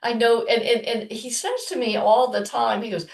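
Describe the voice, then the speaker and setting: A woman co-hosting a podcast, telling a personal story in a loose, rambling way with many restarts and soft murmurs. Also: fairly high pitch, moderate pace, gravelly, echoey room, far from the mic. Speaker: podcast co-host. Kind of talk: casual chat, personal storytelling.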